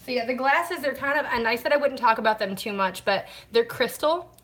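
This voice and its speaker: Woman, bright voice, casual live-stream chat, greets viewers, answers comments, washing glasses while talking. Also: a little high, a little fast, slight background noise. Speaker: vlogger hosting a live stream.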